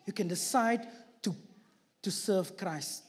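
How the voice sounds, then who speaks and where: A man's voice: high-pitched, takes it slowly. A man preaching a sermon with an accent that stands out to his listeners, mixing scripture with jokey, self-deprecating asides. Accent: non-local accent. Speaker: guest preacher. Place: church hall. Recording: echoey church hall.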